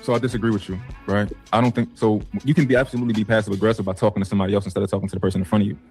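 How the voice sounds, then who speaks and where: A man's voice: on the low side, flat delivery, racing, darkish tone, breathy edge, soft background music. A man defending himself insistently in a heated online panel debate.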